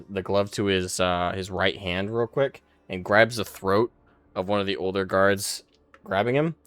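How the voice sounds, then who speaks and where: A man narrating as dungeon master, halting and thinking aloud with frequent uhs. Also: lowish voice, fairly bright tone, smooth, no room sound. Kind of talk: narrating a tabletop game.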